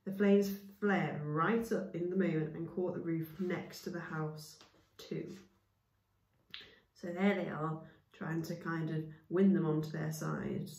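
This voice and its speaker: A woman's voice: deep voice, darkish tone. A woman reading a storybook aloud as a storyteller, with casual asides to her listeners. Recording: echoey room, voice from far off.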